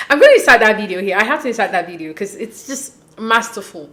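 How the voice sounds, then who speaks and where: A woman hosting a casual recap of a dating show, chatty, opinionated and quick to laugh. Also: mid-range voice, lively intonation, bright, forceful tone. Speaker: reality show recap host.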